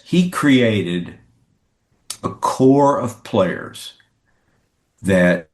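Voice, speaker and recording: An older man, a guest sportswriter, telling anecdotes in a lively conversational way and acting out what others said. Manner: lively storyteller who acts out quotes with pitch jumps. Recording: roomy echoey sound.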